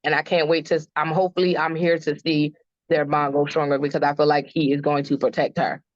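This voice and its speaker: A woman's voice: low voice, little pitch movement, brisk, no room sound. A woman guest telling stories about her family in a casual podcast chat. She laughs often and acts out what others said. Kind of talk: casual storytelling interview. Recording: dull lo-fi dry sound.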